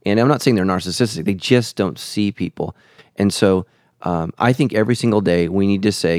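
A man's voice: lowish voice, fairly quick, darkish tone, no room sound, clean studio sound. A man who is a pastor and podcast host, teaching in an earnest, preacherly way and repeating phrases for emphasis.

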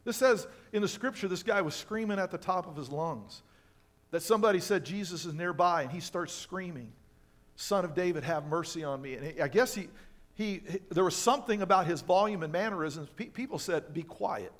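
A man preaching a sermon as pastor. He talks animatedly, asks the congregation rhetorical questions, and swings between loud emphasis and quiet asides. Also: high-pitched, fairly quick. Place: church sanctuary.

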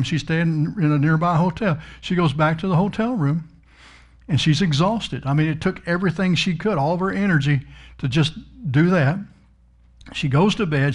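A middle-aged man preaching, telling a story in a folksy, emphatic way. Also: a little high. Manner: folksy, emphatic, swells up on key words. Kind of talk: storytelling sermon.

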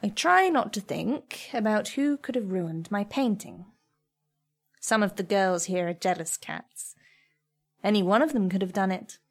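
A woman reading a first-person story aloud in a soft, measured, reflective way. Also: medium pitch, animated. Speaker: narrator.

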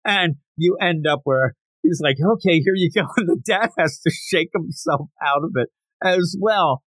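A man's voice: on the high side, unhurried, dry recording, poor audio. A man hosting a podcast, chatting casually and acting out the lines of the people in the story he retells. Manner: animated storyteller who acts out quotes. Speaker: podcast host. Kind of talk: casual chat.

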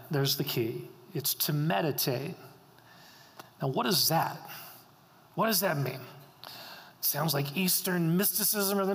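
A man's voice: a little high, a little slow. A middle-aged man preaching a sermon as pastor, earnest, repeating phrases for emphasis. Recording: long reverb of a hall.

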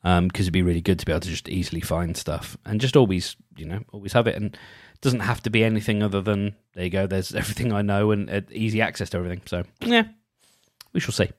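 A man with a lowish voice rambles through a casual solo monologue, thinking aloud as he goes. He restarts sentences and leans on little fillers. The recording is dry and close, with no room sound. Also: fast, dry recording. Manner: rambling, full of restarts and "you know".

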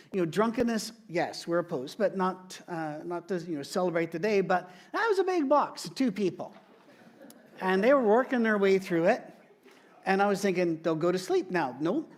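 A middle-aged man, a pastor, giving a sermon with conversational, humorous storytelling. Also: sits high.

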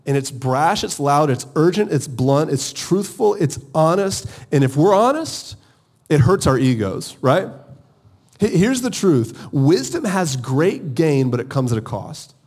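A man's voice: on the high side, measured pace, breathy edge. A married man preaching a sermon with energy, calling on his congregation to answer back. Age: adult, married. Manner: energetic, calls for audience responses. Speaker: pastor.

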